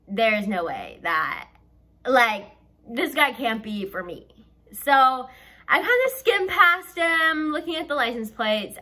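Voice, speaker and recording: A young woman from the American South, telling a story in a chatty, animated way and saying "like" constantly. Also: medium pitch. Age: young adult. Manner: chatty and animated, heavy use of "like". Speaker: vlogger. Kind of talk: storytime vlog.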